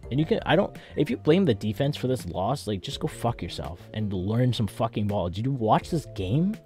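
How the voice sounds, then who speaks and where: Young man, fan rant, angry and profane, mellow dark voice, faint music behind. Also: mid-range voice, big pitch swings, normal speed. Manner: frustrated, profane, exasperated ranting. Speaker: sports fan commentator.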